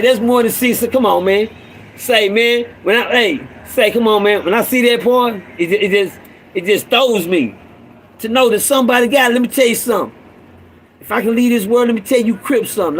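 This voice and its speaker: Here a middle-aged dad delivers a passionate, repetitive street-corner sermon aimed at other fathers, veering from raised pleading to a low growl. A faint hiss or hum runs under the rough recording.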